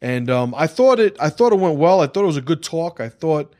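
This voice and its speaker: A man's voice: fairly high pitch, sing-song, brisk, a little mellow, no room sound. A man hosting a casual livestream podcast, rambling, swearing freely and restarting his sentences. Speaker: podcast host.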